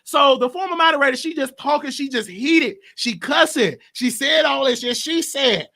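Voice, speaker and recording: A man's voice: very high-pitched, animated, normal speed, hardly any pauses, sharp tone. A man hosting his own gossip show, rambling and repeating himself as he recaps what he overheard for his viewers. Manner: reports overheard talk to viewers. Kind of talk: casual gossip commentary.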